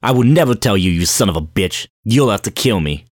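A man's voice: fairly low pitch, lively intonation, brisk, dry recording, studio quality. A man reading an audiobook, voicing a defiant, wounded older male captive who curses his captor. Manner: defiant, cursing.

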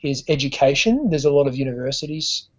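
A man's voice: mid-range voice, expressive, a little fast. Australian man rambling over dull audio. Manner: rambling, lots of restarts and fillers. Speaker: musician guest. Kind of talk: conversational storytelling.

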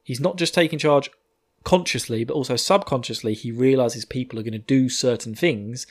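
A man's voice: mid-range voice, moderate pace. A man recapping a fantasy novel chapter in a rambling, casual way, often laughing and swearing. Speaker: book reviewer.

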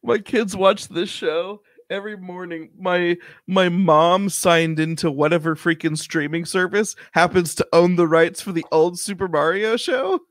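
High-voiced man, dry close sound. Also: measured pace, hardly any pauses, fairly bright tone, no room sound. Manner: defensive, laughing, exasperated. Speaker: co-host. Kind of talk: casual banter.

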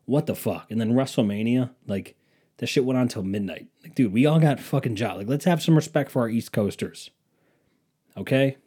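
A man's voice: medium pitch, normal speed, warm tone, husky. A young man hosting a casual comedic rant, sarcastic and profane, slipping into mocking impressions of people.

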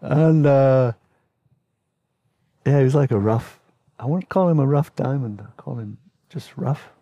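A man's voice: mid-range voice, measured pace, dark tone, no room sound, highs cut off. A man casually telling rambling travel stories on his podcast, with slang, fillers and laughs. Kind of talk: casual storytelling.

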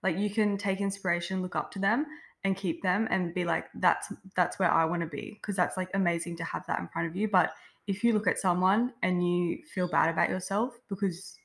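A woman co-hosting a self-development podcast in casual conversation. Her voice sits fairly low, and she talks in a relaxed, reflective way, often filling pauses with "like". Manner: relaxed, reflective, uses many fillers. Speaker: podcast co-host.

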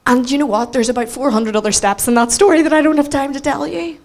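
A woman's voice: high-pitched, fast talker. Northern Irish woman preaching with humour. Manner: animated, self-mocking storytelling with acted quotes. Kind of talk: storytelling sermon.

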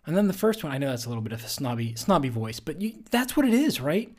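A man's voice: on the high side, very animated, fast talker. A male athlete hosting a solo podcast, talking earnestly and conversationally with frequent fillers.

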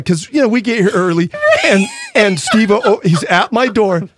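A man's voice: sits high, normal speed, background noise. A man hosting a radio show, talking casually, teasing his co-host and telling stories with animation. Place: radio studio. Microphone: studio microphone.

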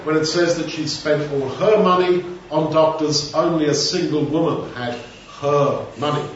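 Chatty preacher in an echoey room. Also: male voice, a little high, fairly even intonation, normal speed, slight background noise. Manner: conversational, rambling asides. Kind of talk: informal Bible teaching. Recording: echoey room, distant mic, dull sound.

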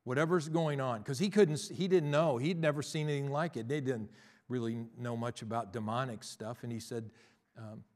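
A man preaching a sermon, telling stories in a hushed voice and then rising to loud, emphatic declarations. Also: mid-range voice. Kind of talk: sermon with storytelling.

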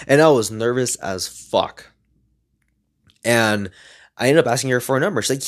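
A young man casually telling personal stories in a rambling, profane way, getting animated as he retells them. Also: mid-range voice, normal speed. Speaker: speaker sharing personal stories. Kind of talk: casual storytelling monologue.

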